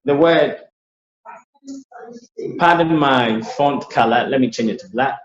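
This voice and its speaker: A man's voice: mid-range voice, slow. A man tutoring English pronunciation in an online lesson. He explains patiently and often repeats his words. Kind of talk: online lesson with screen sharing. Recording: roomy, dull lo-fi sound.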